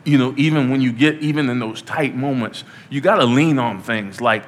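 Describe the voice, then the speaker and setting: A man's voice: mid-range voice, moderate pace, hardly any pauses. Casual, playful male preacher. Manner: conversational and playful, rising to emphatic peaks. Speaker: pastor. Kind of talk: informal sermon. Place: church.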